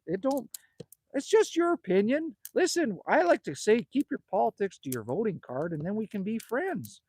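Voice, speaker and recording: A middle-aged man from Canada, chatting casually and rambling through viewer comments as a livestream host outdoors at a cabin. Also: sits high. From Manitoba, Canada. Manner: chatty, rambling, jokey, calls people man and buddy. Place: outdoors at a cabin by a fire at night.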